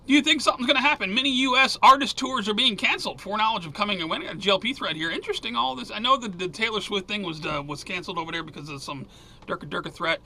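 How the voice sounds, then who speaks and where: Man, news commentary host, angry ranting, swearing, high voice. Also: very fast, sharp tone.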